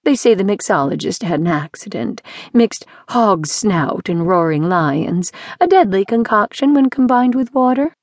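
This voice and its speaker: A woman's voice: medium pitch, expressive, moderate pace, dry recording, clean studio sound, pitched above the performer's own voice. A woman voicing a bossy, outspoken woman who scolds emphatically in an audiobook. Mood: gossipy.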